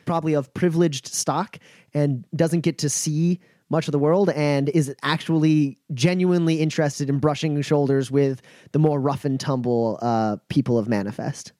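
A man's voice: a little high, fairly even intonation, moderate pace, mellow, no room sound, studio quality. A man narrating a tabletop game as game master, loosely, with many fillers.

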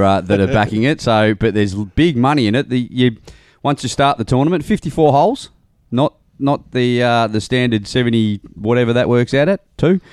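A man's voice: on the low side, a little mellow, clean tone, no room sound, clean studio sound. A man hosting a casual chat, explaining things steadily at length with fillers. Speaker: podcast host.

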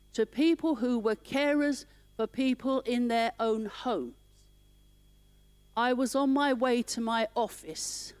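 Emotional woman minister, slow speech. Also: on the high side, dry recording. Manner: emotional, conversational storytelling. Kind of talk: personal testimony in church. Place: church.

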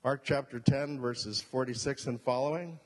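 A man's voice: medium pitch, moderate pace. A male pastor preaching a sermon, emphatic, repeating key points and asking the congregation questions. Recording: long reverb of a hall.

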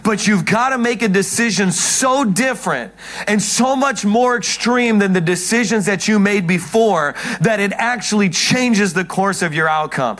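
A man's voice: high-pitched, normal speed, fairly bright tone. A male pastor preaching a sermon from a church stage. He is jokey and self-mocking one moment and earnest and pleading the next. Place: church stage before a congregation.

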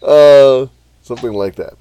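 A man in his forties answering quiz questions in casual chat, joking and animated. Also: medium pitch, measured pace, clean tone, no echo, highs cut off. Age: 40s. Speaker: quiz contestant.

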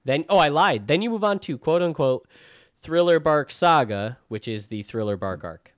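A man talks fast and loose in a casual podcast chat, cursing and restarting his sentences. His pitch swings widely as he gets worked up. The sound is dry and close, with no room echo. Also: clean tone. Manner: animated, swears freely, lots of restarts. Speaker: podcast co-host. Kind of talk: casual chat about anime.

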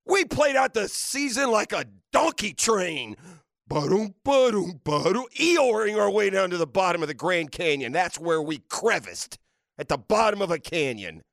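A man hosting sports radio, delivering a fiery, mocking rant with shouted bursts. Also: sits high, very animated, normal speed, gravelly, dry recording, studio quality. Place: radio studio.

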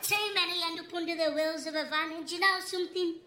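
A woman's voice: extremely high pitch, flat delivery, quick pace. A woman voicing a crude, scheming male hedgehog, chummy and sly. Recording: roomy, noisy recording.

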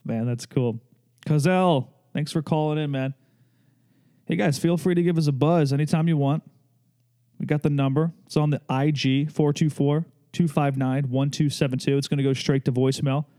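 A young man talks casually as a podcast host. His voice is mellow and dark, and he rambles in a loose, joking way with plenty of fillers. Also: on the high side, fairly even intonation, moderate pace. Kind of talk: casual chat.

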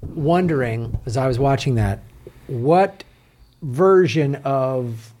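A man's voice: mid-range voice, takes it slowly, a little mellow, a little hiss or hum. A man co-hosting a movie podcast, chatting casually in a playful, jokey way. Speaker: podcast co-host.

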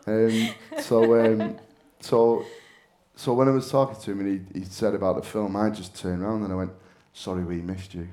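A man's voice: lowish voice, level tone, normal speed, mellow. A middle-aged man with a Manchester accent, an actor chatting as an interview guest, telling stories in a self-mocking way with frequent laughs. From England. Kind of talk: casual storytelling interview.

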